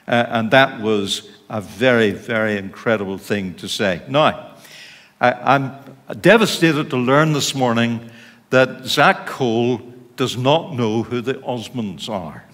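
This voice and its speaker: Northern Irish pastor preaching in a church hall. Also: male voice, mid-range voice, takes it slowly, fairly bright tone. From Northern Ireland. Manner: informal, chatty preaching with asides to the congregation. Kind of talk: sermon.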